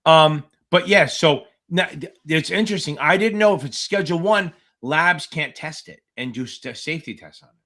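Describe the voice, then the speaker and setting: A man's voice: a little high, normal speed, sharp tone. A man tutoring exam candidates on a livestream Q&A, speaking bluntly and with frequent swearing. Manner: blunt, profane, emphatic. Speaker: exam tutor hosting a live Q&A. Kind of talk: livestream Q&A chat.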